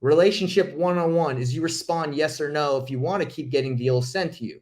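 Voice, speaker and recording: A man's voice: a little high, brisk, hardly any pauses. Blunt, slangy man retelling a dispute. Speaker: real estate wholesaling coach. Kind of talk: casual storytelling to camera.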